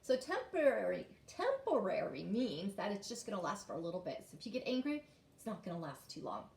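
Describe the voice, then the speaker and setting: A woman's voice: medium pitch, sing-song, a little fast, creaky, a little mellow, roomy sound, distant mic. Woman teacher reading to young children. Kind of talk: reading a story aloud to young children in an online lesson.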